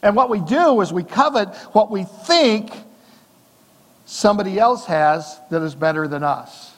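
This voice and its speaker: A middle-aged male pastor preaching a sermon in a church, talking conversationally with rhetorical questions and swings between soft and emphatic delivery. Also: high voice, animated, unhurried, in a large hall. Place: church sanctuary.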